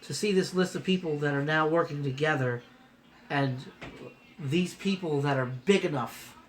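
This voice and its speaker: A man's voice: a little high, moderate pace. Male vlogger, 30s, rambling and heartfelt, phone mic, light background noise. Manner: rambling, emotional, repeats "you know". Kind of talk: casual vlog. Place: at a trade show. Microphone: phone camera.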